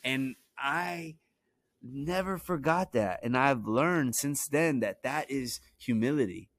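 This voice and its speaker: A young man from Brooklyn, New York, casually tells stories from his own life in a medium-pitched voice at a slow pace. The recording is dry. His telling is loose and rambling, filled with "you know" and "like."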